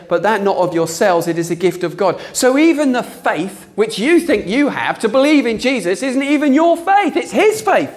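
A man preaches with a high, bright-edged voice. He drives his points home with emphatic bursts and scattered hallelujahs. The delivery is a lively sermon style. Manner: emphatic, exclamatory, punctuated with hallelujahs.

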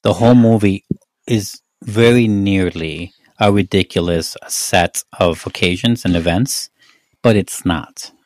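Low-voiced Mexican-accented man rambling. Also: slow pace, no room sound. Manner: rambling, many fillers and restarts. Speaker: podcast host. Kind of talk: casual movie-review chat.

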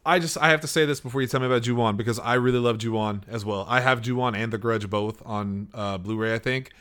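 A man of ordinary pitch chats loosely on a podcast, drifting from point to point as he tells a story. He swears casually and talks in a relaxed, conversational flow. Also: fairly quick, clean tone. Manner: rambling storyteller, swears freely. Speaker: podcast host.

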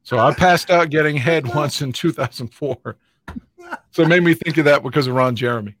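A man's voice: on the high side, normal speed, a bit bright. A middle-aged man hosting a podcast, telling blunt, profane, self-mocking stories in casual chat. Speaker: podcast host. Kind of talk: casual storytelling.

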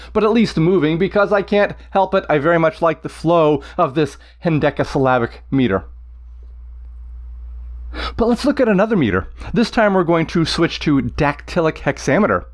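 A man who teaches Latin, explaining poetic meter to listeners with enthusiasm, chanting the rhythms aloud in a deliberate way. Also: a little high.

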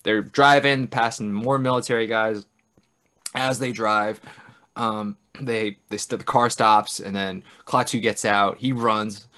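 Man, podcast co-host, relaxed and profane plot recap. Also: fairly low pitch, unhurried. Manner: loose and profane, acts out characters' lines. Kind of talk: casual film recap chat.

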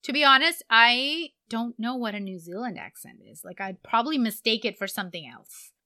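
A woman's voice: fairly high pitch, animated, bright, forceful tone, no room sound. A woman hosting a podcast, chatting casually with a playful, laughing manner. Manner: playful, laughing, quick asides. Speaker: podcast host. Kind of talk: casual chat.

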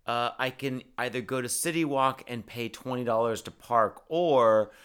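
A man's voice: medium pitch, moderate pace, fairly bright tone, clean tone. A man co-hosting a podcast, chatting casually with dry, wry asides. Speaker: podcast co-host. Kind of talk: casual chat.

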